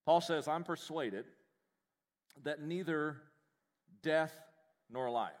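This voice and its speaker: A pastor with a drawl preaches to his congregation, slipping into jokes and folksy asides. His voice sits a little high for a man and swings up when he gets excited. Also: slow pace. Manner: folksy, joking, animated preaching. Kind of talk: sermon. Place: church.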